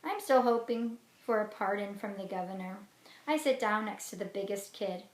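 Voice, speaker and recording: A woman teacher reading a children's book aloud in an expressive way, then explaining class activities. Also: medium pitch, normal speed. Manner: expressive storybook reading with lively swings. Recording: roomy echo with faint noise.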